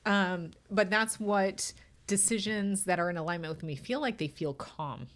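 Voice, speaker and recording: A woman's voice: mid-range voice, normal speed, fairly bright tone. A middle-aged woman hosting her own podcast, talking candidly and emotionally with frequent swearing, close to tears. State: tearful. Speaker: podcast host. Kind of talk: casual solo podcast monologue.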